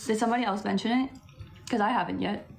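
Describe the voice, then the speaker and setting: Chatting on her livestream and responding to viewers, this young Vancouver host has a West Coast Canadian accent and a creaky, medium-pitched voice at a quick pace. She laughs a lot and keeps saying "like."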